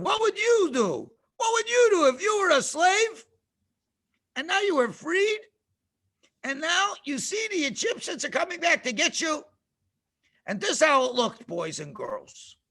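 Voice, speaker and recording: A man's voice: extremely high pitch, pushed and bright. A male rabbi telling a story to children with dramatic flair and frequent questions to them. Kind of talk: animated storytelling lesson.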